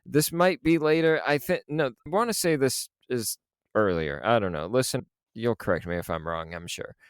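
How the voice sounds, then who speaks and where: A man co-hosting a podcast, casually recapping a horror film with animated, profane storytelling and frequent laughs. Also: medium pitch, moderate pace, clear, resonant tone, no room sound, clean studio sound. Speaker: podcast co-host.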